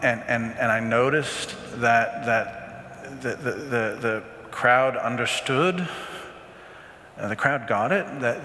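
A man's voice: mid-range voice, pushed and bright. A man teaching an adult faith class in a church hall, earnest, stumbling over repeated words and often checking in with "right?". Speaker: parish teacher. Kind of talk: adult faith formation talk.

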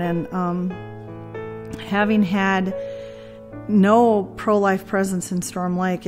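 A woman around sixty giving an earnest first-person account in an interview, acting out quoted dialogue and often pausing with fillers and restarts. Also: mid-range voice, a little mellow. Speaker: interview guest. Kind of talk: personal testimony in conversation.

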